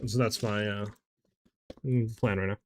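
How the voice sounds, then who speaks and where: A man's voice: lowish voice, fairly even intonation, unhurried, slight background noise. A man streaming a game live, chatting casually in a rambling way with lots of fillers as he answers chat.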